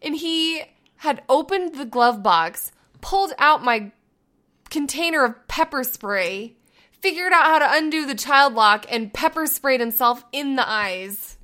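A woman in her thirties, a mother telling a story in casual chat, animated and laughing often. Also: high voice, a little slow.

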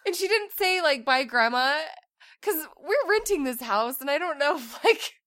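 A woman chatting casually with her co-host about family life, telling stories with animated delivery and acting out her kids' lines. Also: sits high, normal speed, dry recording, studio quality. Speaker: co-host, parent.

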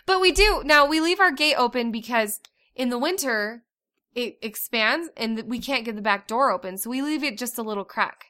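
A woman in her thirties with a high, bright voice tells family stories on a chatty podcast. She is animated and acts out the voices of the people in her stories. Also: moderate pace. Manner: animated storytelling, acting out voices. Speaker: podcast co-host. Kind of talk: casual chat.

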